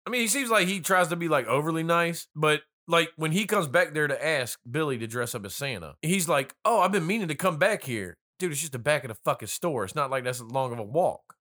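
A man's voice: fairly high pitch, brisk, hardly any pauses. A man in casual chat about a film, swearing often and joking as he retells scenes. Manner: profane, joking, animated storyteller. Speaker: podcast co-host discussing a film.

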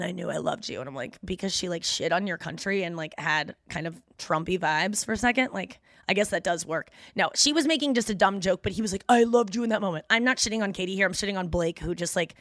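A woman's voice: medium pitch, dry recording. Gossipy woman podcast host, dry sound. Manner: gossipy, fast, uses 'like' a lot. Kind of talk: casual chat recap.

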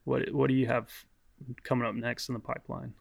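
Hesitant podcast host, gravelly voice. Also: male voice, medium pitch, little pitch movement, brisk. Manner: hesitant, many fillers and restarts. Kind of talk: casual film chat.

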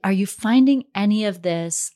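A woman hosting a candid conversation, reacting with gasps and steady affirmations. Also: mid-range voice, moderate pace. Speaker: host. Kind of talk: interview chat.

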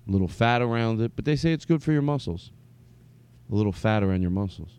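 A man hosting a comedy podcast, rambling through an improvised monologue and slipping between mock anger and silly falsetto singing. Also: expressive, quick pace, a little mellow, smooth.

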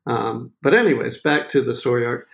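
A man's voice: mid-range voice, lively intonation, normal speed. A man telling a story as a photographer being interviewed, laughing often and acting out what people said. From Maine. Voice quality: gravelly. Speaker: photographer guest.

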